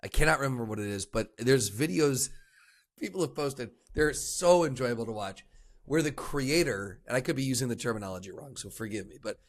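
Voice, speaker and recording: A man's voice: mid-range voice, expressive, brisk. A man co-hosting a podcast, chatting casually and telling stories in a loose, rambling way with many fillers. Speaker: podcast co-host. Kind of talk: casual chat.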